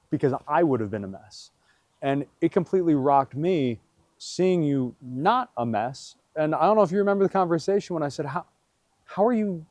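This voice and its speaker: A man's voice: mid-range voice, a little mellow, no room sound. A man hosting an interview, speaking candidly and with enthusiasm, often saying "man". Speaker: podcast host.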